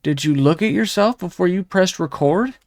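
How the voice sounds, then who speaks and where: A man's voice: high voice, moderate pace, no echo, studio quality. A man hosting a commentary show, crudely mocking a video with a rambling, sneering delivery full of fillers. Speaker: commentary host.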